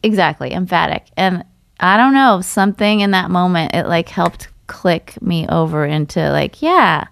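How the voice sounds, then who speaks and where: A woman's voice: on the low side, normal speed, vocal fry, dry recording. A woman talking casually and frankly in a conversation, filling her speech with "like". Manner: chatty, lots of "like", frank.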